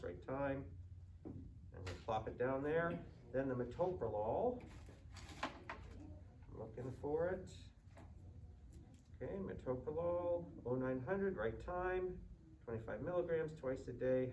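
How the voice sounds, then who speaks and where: A man's voice: medium pitch, darkish tone, far from the mic. A male nursing student methodically talking himself through a practice medication round, step by step. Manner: methodical, thinking aloud step by step. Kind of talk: narrated skills demonstration. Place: simulated hospital ward with med cart. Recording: roomy, off-mic, faint background noise.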